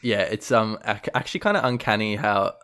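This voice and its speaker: A man's voice: lowish voice, fairly quick, pushed and bright. A man co-hosting a podcast, chatting casually about a film, rambling with fillers and restarts. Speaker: podcast co-host.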